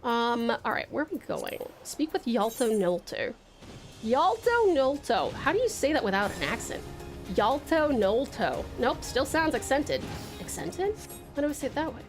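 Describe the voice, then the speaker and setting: A woman's voice: a little high, very animated, moderate pace. A woman from Australia, giving playful, giggly casual commentary while streaming a game. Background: faint game music.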